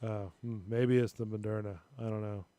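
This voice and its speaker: A man's voice: on the low side, little pitch movement, normal speed, mellow, clean tone, dry recording. A man hosting a casual live-stream talk show, rambling and retelling stories with little voices. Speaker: show host.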